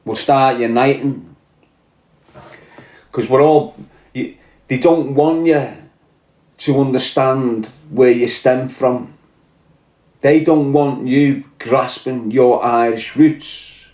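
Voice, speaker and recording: A man's voice: medium pitch, steady tone, takes it slowly, long pauses, a little mellow. A man with a Liverpool Scouse accent delivering a blunt, profane, heated monologue, urging his listeners on. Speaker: podcast host. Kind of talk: impassioned monologue to camera. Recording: roomy echoey room.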